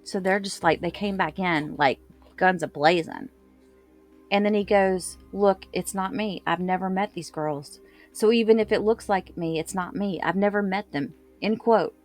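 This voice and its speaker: A woman recaps a court case in a loose, chatty way, full of filler words and restarts. Her voice sits at an ordinary pitch. Faint music plays under her speech. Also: moderate pace. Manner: loose recap with filler words and self-corrections, quoting others. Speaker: true crime commentator. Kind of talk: casual retelling of court testimony.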